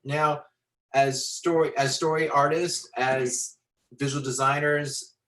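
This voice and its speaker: A man teaching storytelling to visual artists, animated and rambling with many fillers and restarts, talking into a computer on a video call. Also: a little high, slow, a little hiss or hum, rough recording. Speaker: storytelling instructor. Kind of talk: lecture with acted-out anecdote.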